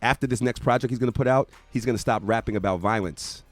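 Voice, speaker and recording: A man's voice: mid-range voice, fast, dry recording, soft background music. A man working as a radio DJ and interviewer in a studio, talking in an upbeat, hype announcer style.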